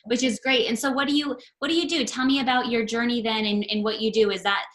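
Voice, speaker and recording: A woman's voice: fairly high pitch, steady tone, quick pace, a bit bright. A woman hosting a casual interview, encouraging and affirming as she talks to her guest. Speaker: podcast host, interviewer. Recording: echoey room.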